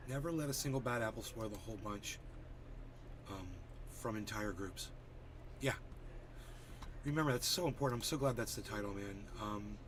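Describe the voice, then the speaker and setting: A man's voice: fairly low pitch, moderate pace, pauses often, slight background noise. A man hosting a casual livestream, chatty and a bit distracted as he greets viewers by name while fixing his settings. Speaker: livestream host.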